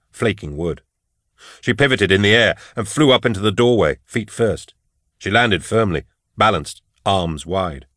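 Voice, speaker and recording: A man reading a sci-fi audiobook in steady, dramatic narration. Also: on the low side, no echo, studio quality.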